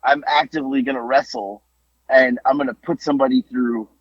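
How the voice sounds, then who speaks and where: A man co-hosting a casual podcast, telling stories with lively exclamations and some swearing. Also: mid-range voice, fairly quick, breathy edge, dry recording. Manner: animated storytelling, swearing, exclamations. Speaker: podcast co-host. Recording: dull lo-fi dry podcast audio.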